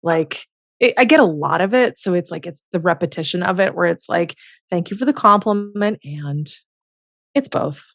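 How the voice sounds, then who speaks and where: A woman's voice: on the low side, expressive, moderate pace, vocal fry, no echo, clean studio sound. Emphatic, self-assured woman interview guest. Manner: laughs often. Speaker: author and business co-founder, interview guest. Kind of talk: candid conversational interview.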